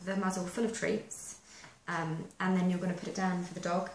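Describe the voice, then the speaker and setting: A woman with a lowish voice walks through dog training in a chatty, practical way. She is recorded in an echoey room with faint background noise. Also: little pitch movement, a little fast. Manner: chatty, practical step-by-step explaining. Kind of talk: instructional how-to video.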